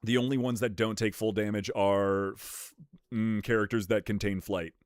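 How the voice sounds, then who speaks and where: In clear, resonant, studio-quality sound with no room sound, a male streamer talks with his viewers at a normal speed and a steady tone, though he's rowdy, profane, and jokey, bursting into pitch-jumping rants.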